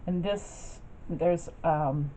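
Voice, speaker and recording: Very slow and warm, her voice low, a craft vlogger chats casually and rambles with many fillers and restarts while showing her craft projects to the camera. It's a show-and-tell captured in dull, lo-fi sound with faint noise.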